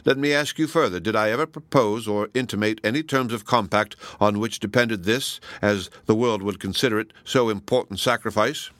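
A man reading the part of a proud, passionate woman, measured and ironic. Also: lowish voice, fairly bright tone, dry recording, lightly acted. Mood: probing. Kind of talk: audiobook reading.

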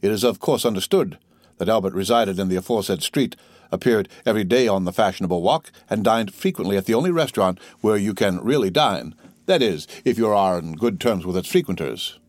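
A man narrating a classic novel as an audiobook in a steady, formal storytelling manner. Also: fairly low pitch, no room sound.

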